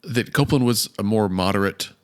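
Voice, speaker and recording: A man's voice: lowish voice, a little fast. A man co-hosting a podcast who chats casually about politics and thinks aloud in long, winding sentences while he has the hiccups. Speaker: podcast co-host.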